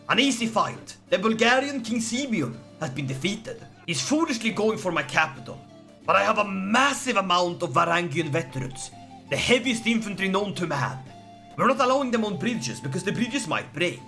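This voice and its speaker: A man giving excitable, theatrical let's-play commentary over a strategy game, mock-heroic and quick to yell at his foes. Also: sits high, faint music behind. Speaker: gaming commentator.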